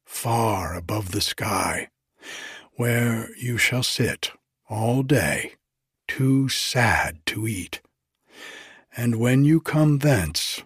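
Brief: man doing a menacing servant, whispered role-play, breathy and very slow, lowish. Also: a bit bright, dry recording, clean studio sound, heavily acted. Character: stern male servant threatening a maiden.

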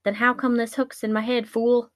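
A woman's voice: a little high, little pitch movement, moderate pace, dry recording, studio quality, lightly acted. A woman voicing a strange, scaly male lake merman who is pushy and mock-menacing, in a comedic story retelling. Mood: threatening.

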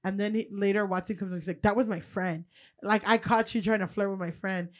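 A young woman co-hosting a podcast, telling a profane, animated story and acting out what people said. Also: mid-range voice, fairly quick. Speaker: podcast co-host. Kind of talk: casual comedic storytelling.

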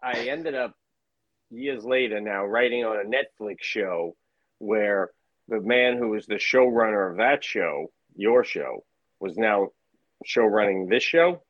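A man who is a comedian guest on a podcast, chatting casually and launching into fast, worked-up rants. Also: lowish voice, no echo, lo-fi sound. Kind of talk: casual chat.

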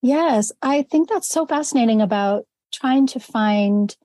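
A woman's voice: a little high, measured pace, warm tone, dry recording. A woman hosting an interview, asking long, curious, winding questions. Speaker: podcast host.

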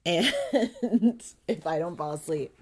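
Profane, chatty woman podcaster, lowish voice. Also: animated, slow, darkish tone, breathy edge. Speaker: podcast host. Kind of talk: casual monologue.

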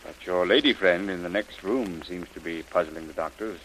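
An actor playing a concerned middle-aged governor, measured and paternal with hesitant pauses, in a hissy old radio drama. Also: male voice, low voice, a bit bright, poor audio. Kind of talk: 1930s radio drama acting.

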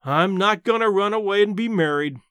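A man's voice: high-pitched, normal speed, bright, forceful tone, clear, resonant tone, no room sound. A man doing a sullen, stammering young woman. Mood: flustered.

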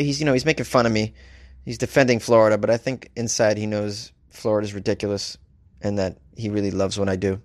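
A male comedian hosts a solo podcast, riffing on strange news with animated, joking asides. His voice sits in a middle range. The sound is dry and close, with no room around it. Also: medium pitch, no room sound. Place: home studio, Los Angeles.

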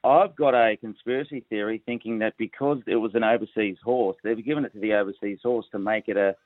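A man, a sports commentator on radio, bantering in a relaxed way. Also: fairly low pitch, quick pace, dry recording. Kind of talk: casual sports radio chat. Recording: slightly dull studio sound.

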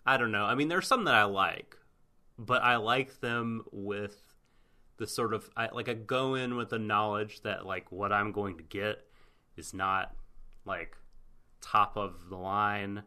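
A man in casual podcast chat, recapping an anime episode slowly and rambling with lots of fillers. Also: on the low side, bright, forceful tone. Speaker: podcast co-host.

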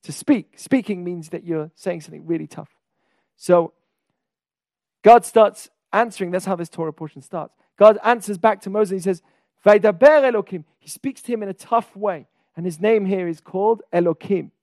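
A man's voice: sits high, moderate pace, a little mellow, no room sound, studio quality. A man teaching a weekly Torah class on a podcast. He often puts questions to his listeners and leans hard on key words.

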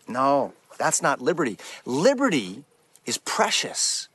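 A man's voice: medium pitch, wildly swooping pitch, slow, fairly bright tone, breathy edge, no room sound. A man giving an earnest, emphatic preaching talk as a Christian speaker, restarting his phrases often.

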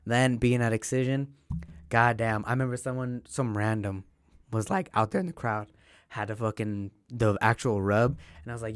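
Young man, mid-pitched, dry close mic; animated, profane storyteller who acts out every quote. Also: normal speed, clean tone, dry recording. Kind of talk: casual chat.

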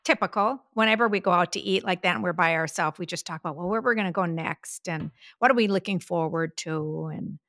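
A woman's voice: fairly low pitch, brisk, few pauses, no room sound. A woman in her fifties co-hosting a podcast, chatting and telling stories, acting out what people said. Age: 50s. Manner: chatty storyteller, quotes herself in lively voices. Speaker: podcast co-host. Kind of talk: casual chat.

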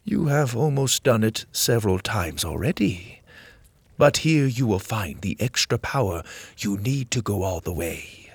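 A man voicing a solemn, wise male servant of light, speaking in a slow and grave way. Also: lowish voice, sing-song, vocal fry, slightly rough, no echo, exaggerated voice.

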